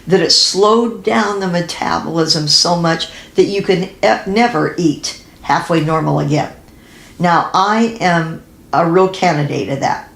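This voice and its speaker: Earnest, slightly gravelly woman teaching in an echoey room. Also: fairly low pitch. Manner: earnest, confiding, many ums and restarts. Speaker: Christian women's fitness teacher. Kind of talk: personal faith-based health talk.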